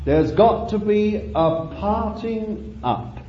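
Male preacher, high voice, slow impassioned sermon, roomy lo-fi church recording. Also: lively intonation, a little hiss or hum. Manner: impassioned, rising and falling, drawn-out phrases.

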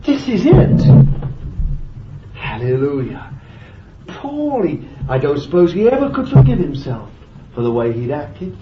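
A man preaching a sermon with fervent exclamations of praise and bursts of laughter. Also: high voice. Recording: echoey, dull, lo-fi recording with faint noise.

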